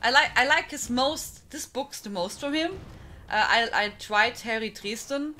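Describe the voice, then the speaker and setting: Unhurried yet forceful, a bright, higher-pitched woman from Germany chats on a live stream in a strong German accent. She greets her viewers by name and laughs often.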